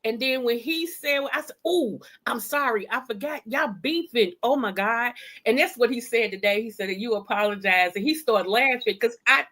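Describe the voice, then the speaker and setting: A woman's voice: a little high, moderate pace, hardly any pauses, bright, forceful tone. A woman speaking as a guest on a live-stream chat, talkative and loose, often saying "you know what I'm saying".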